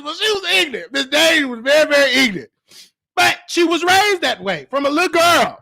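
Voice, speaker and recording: A man hosting a show, telling stories in an animated way and acting out the voices of the people in them. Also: very high-pitched, a little fast, creaky, no echo. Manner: animated, acts out quoted voices. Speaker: show host. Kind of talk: storytelling monologue.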